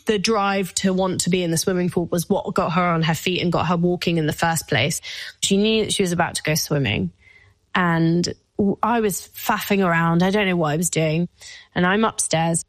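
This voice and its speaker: A woman in her thirties talks openly as a guest, her voice sitting on the low side. She drops in casual fillers, and the close recording has no room sound. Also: steady tone, normal speed, no echo. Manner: open and emotional, speaking with many "like" fillers. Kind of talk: candid personal conversation.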